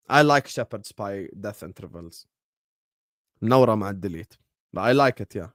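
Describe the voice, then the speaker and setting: A man hosting a football watchalong stream, bantering with chat and breaking into loud bursts when the match heats up. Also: fairly low pitch, lively intonation, normal speed, pauses often, no room sound, clean studio sound. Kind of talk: casual live-stream chat with match commentary.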